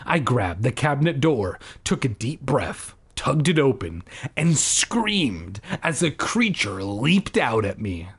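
A man with a medium-pitched, fairly bright, slightly rough voice reads a children's book aloud slowly, his pitch swinging widely. He keeps breaking in with sarcastic jokes, turning the reading into a comedic performance full of asides.

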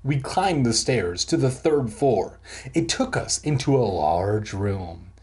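A man giving a comic reading of a children's horror book, breaking off for deadpan crude asides between dramatic narration. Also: medium pitch, slow. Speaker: comic reader.

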